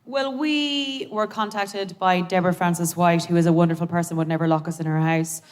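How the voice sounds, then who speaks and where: A woman comedian guest on a live stage show, telling stories in a chatty, animated and jokey way. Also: on the low side, brisk, a little hiss or hum. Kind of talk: lively onstage storytelling. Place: live theatre stage before an audience.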